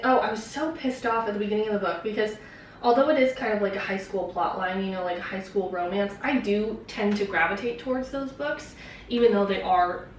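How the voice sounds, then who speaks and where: A woman's voice: medium pitch, a little hiss or hum. A young woman vlogger chatting casually about a book, rambling and swearing with lots of fillers. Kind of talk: casual chat. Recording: very echoey room, distant mic.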